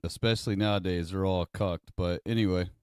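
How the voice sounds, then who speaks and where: A man hosting a live stream, cutting in with dry, deadpan remarks. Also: sits low, fairly quick, clean tone, no room sound.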